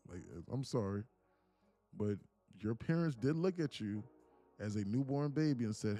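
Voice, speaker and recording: A man hosting a live day-trading stream, telling stories in a casual, animated way and muttering about the charts. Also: medium pitch, moderate pace, dry recording. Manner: animated storytelling, acts out quotes, laughs often. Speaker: livestream day trader. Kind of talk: casual livestream chat.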